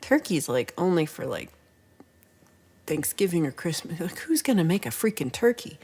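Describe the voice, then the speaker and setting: A lower-voiced woman hosts a relaxed livestream and chats her way through viewer comments. She rambles playfully and keeps slipping into quick whispered asides. The talk is loose and homey. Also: husky. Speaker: livestream host. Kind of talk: casual livestream chat reading viewer comments.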